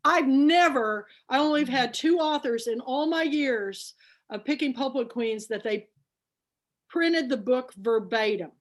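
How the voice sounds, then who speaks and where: Woman, from Kansas, book club host, chatty, emotional, video call, fairly high voice. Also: a little slow. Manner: chatty, emotional, retells conversations. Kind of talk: casual chat on video call.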